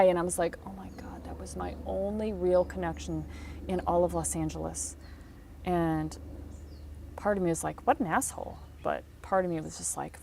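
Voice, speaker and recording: A woman teaching career advice in casual talk, telling stories with animated delivery and acting out the people she quotes. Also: mid-range voice, a little hiss or hum. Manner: animated storytelling, acts out quotes.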